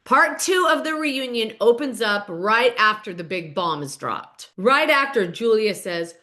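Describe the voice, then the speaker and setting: A woman with a crisp, bright voice sitting a touch above the usual pitch, hosting a casual recap of reality-TV drama. She tells the story in a gossipy, animated way, as if filling in a friend on the latest news. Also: a little slow. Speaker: host.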